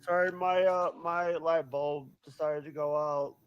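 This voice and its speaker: High-voiced man on a cheap headset. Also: fairly even intonation, unhurried, lo-fi sound. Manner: friendly, apologetic. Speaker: caller on a livestream. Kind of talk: casual chat.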